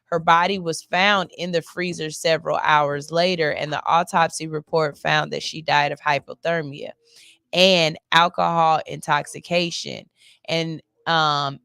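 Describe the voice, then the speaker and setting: A woman's voice: sits low, creaky, a bit bright, dry recording. A woman hosting a morning radio show, reading stories in a loose, chatty way and cursing casually. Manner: chatty, loose, curses casually, yawns between lines. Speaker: radio host. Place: cold studio.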